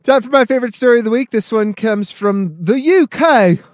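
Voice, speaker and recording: A man's voice: very high-pitched, normal speed, no room sound. A man co-hosting a sports radio show, reading headlines and trading jokes in casual banter. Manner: animated, jokey, reads headlines.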